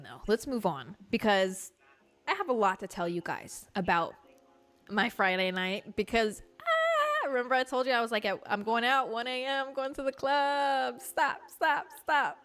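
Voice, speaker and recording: A young woman hosting a casual livestream, telling stories in an animated, chatty way full of fillers and swearing. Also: medium pitch. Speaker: livestream host.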